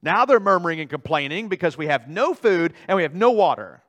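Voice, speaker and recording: A male pastor preaching a sermon in a church, animated, swinging between loud dramatic outbursts and quiet asides. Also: high-pitched, fairly quick. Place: church sanctuary.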